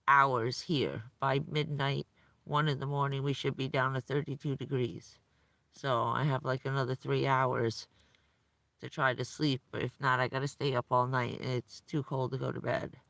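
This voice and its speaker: Middle-aged woman streamer, gravelly, bright tone, dry close sound, rambling chatter. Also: a bass voice, no echo. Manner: rambling, chatty, laughs often. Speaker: live streamer. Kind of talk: casual live-stream chat. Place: vehicle at night in the cold.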